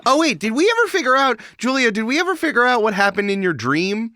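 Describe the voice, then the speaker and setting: A man in his thirties co-hosting a tabletop game podcast, talking in an excitable, upbeat way. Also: extremely high pitch, quick pace, no room sound, clean studio sound. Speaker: podcast co-host. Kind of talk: casual chat.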